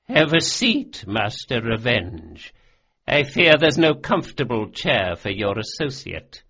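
A man voicing an aged, imperious noblewoman in an audiobook, speaking coldly and sharply in a raised, high voice, on a dull lo-fi recording. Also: big pitch swings, slow pace, vocal fry, husky, heavily acted. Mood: cold, wary. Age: older. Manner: cold, commanding, sharp.

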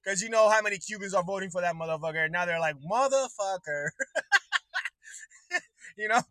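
Man, livestream rant, profane, keeps laughing, very high voice, dry close sound. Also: brisk, no room sound, low-quality recording. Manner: swearing, laughing between lines, excitable. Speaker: livestream host.

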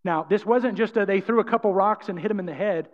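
A man's voice: high-pitched, fast. A man preaching a sermon with energy and emphasis, often acting out quotes. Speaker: pastor. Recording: dull sound, long church-hall reverb.

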